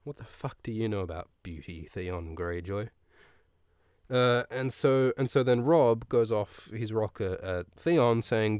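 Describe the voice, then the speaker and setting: Low-voiced man rambling through a profane recap. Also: animated, moderate pace, darkish tone, no room sound, clean studio sound. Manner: rambling, profane, jokey asides; laughs often mid-sentence. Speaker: podcast host. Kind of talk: casual comedic book recap.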